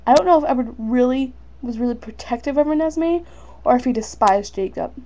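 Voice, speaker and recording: A woman's voice: sits high, animated, a little fast, warm tone, lo-fi sound. A young woman reading her own story aloud in a casual, unpolished way, with fillers and small slips. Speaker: fan fiction reader.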